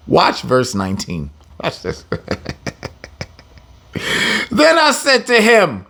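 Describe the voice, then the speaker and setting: A man's voice: high-pitched, a little slow, gravelly, pauses often. A man teaching an informal scripture lesson, reading verses and retelling them in slang, laughing often. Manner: animated, slangy, laughs often, reads verses then paraphrases. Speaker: Bible teacher.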